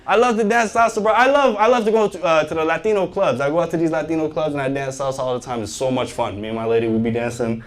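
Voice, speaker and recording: A man doing a stand-up comedy set on stage, animated and joking, often laughing at his own lines. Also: on the high side, fast talker, few pauses. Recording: noisy live stand-up recording.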